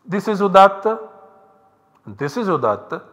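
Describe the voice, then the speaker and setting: A man with an Indian English accent gives a university lecture, explaining each step in a measured way and pointing to examples on a slide. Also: high-pitched, very animated, a bit bright. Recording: lecture recorded with long reverb.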